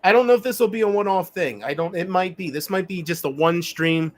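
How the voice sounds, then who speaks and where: Halting, reflective man on a livestream. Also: sits high, a faint crowd. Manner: halting, reflective, with frequent restarts. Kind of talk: rambling solo livestream talk.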